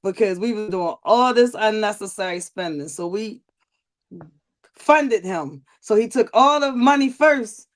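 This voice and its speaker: A woman's voice: mid-range voice, expressive, a little slow. A woman co-hosting a casual talk stream, joking and explaining things step by step like a teacher. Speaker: podcast co-host. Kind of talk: casual chat.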